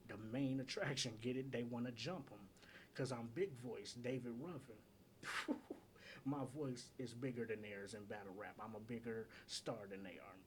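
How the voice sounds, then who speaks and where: A man's voice: mid-range voice, normal speed, a little hiss or hum. A man hosting a casual breakdown of rap battle lyrics, repeating lines and asking "get it?" as he explains each joke.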